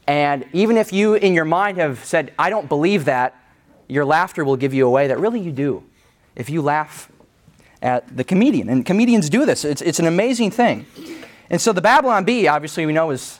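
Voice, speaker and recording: A male pastor delivers a sermon in an easy, conversational manner. His voice sits on the higher side for a man, and he often restarts his phrases as he works through his thoughts. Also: expressive, a little fast.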